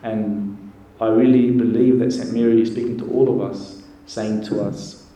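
A priest preaches in a gentle, earnest manner, pausing as he goes. His voice is low and mellow. The recording sits in a very echoey church with faint noise behind it. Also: steady tone. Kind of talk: sermon.

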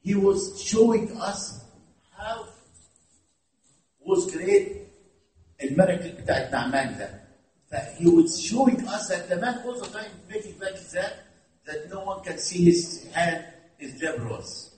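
A man preaches with an Egyptian Arabic accent, his voice high and his pitch leaping around as he questions the listeners. He drifts between English and Arabic. He is heard from far off in an echoey hall. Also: big pitch swings, moderate pace, pauses often, darkish tone. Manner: asks the audience questions, switches into Arabic. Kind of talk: interactive sermon.

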